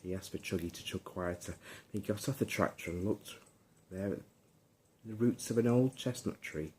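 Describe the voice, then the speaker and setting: A man narrates a bedtime story in a calm, soothing way. His voice is deep and low throughout. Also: moderate pace, a little hiss or hum.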